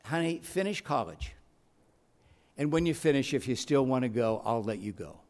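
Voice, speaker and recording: A man voicing a gentle, protective middle-aged father who coaxes his grown daughter in a soft, lowered voice. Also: animated, moderate pace, lightly acted. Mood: soothing. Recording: long hall reverb.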